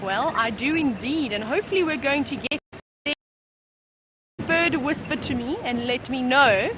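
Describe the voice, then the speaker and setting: Excited lady guide on a safari drive, high bright voice, light vehicle noise. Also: moderate pace. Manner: bubbly and excited. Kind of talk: live safari commentary from a moving vehicle. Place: open safari vehicle outdoors.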